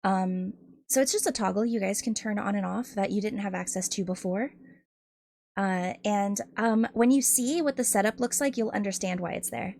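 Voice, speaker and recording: A woman's voice: mid-range voice, moderate pace, darkish tone, no echo. A woman streamer chatting casually with her viewers, giggling often and hesitating with lots of ums. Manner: giggly, laughs often between phrases; hesitant, many ums and restarts, admits nervousness.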